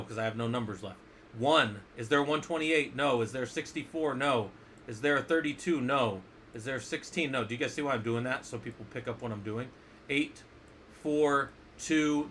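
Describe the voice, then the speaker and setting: A man's voice: medium pitch, a bit bright, slight background noise. A man teaching a casual screen-share lesson as an instructor, playful and jokey, often asking the viewers questions.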